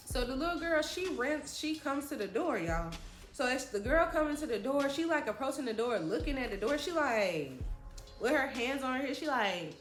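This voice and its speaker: A woman's voice: high voice, expressive, normal speed. A young woman telling a dramatic, slangy story from her childhood in a vlog. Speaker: vlogger. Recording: echoey room with faint music.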